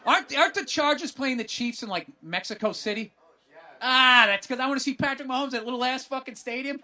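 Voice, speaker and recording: A man hosting a podcast, swearing constantly and bursting into excited yelling during a comedic rant about sports. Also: on the high side, a little fast. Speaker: podcast host.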